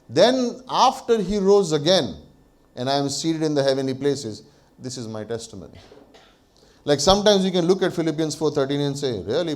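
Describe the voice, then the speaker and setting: A man's voice: medium pitch, a little mellow. A male pastor preaching a sermon, posing rhetorical questions to the congregation, answering them himself, and laughing lightly between points. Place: church.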